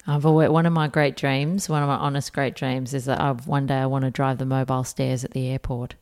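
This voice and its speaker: An Australian woman interviewing a radio host, chatty and playful, quick to laugh and riff along. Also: rumbling low, flat delivery, a little mellow, smooth. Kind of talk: casual interview chat.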